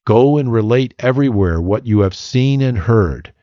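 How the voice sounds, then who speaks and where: A man's voice: medium pitch, lively intonation, moderate pace, no room sound, close to an everyday voice. A man voicing a commanding older male priest in a read-aloud story, on a slightly muffled recording.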